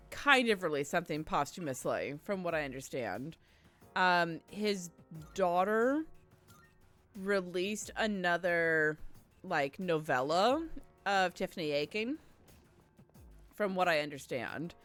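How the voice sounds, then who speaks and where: A woman's voice: lowish voice, very animated, slow, long pauses, pushed and bright, faint music behind. A woman streaming a game live, chatting in a rambling, heartfelt way and greeting viewers effusively. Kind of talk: casual live-stream chat.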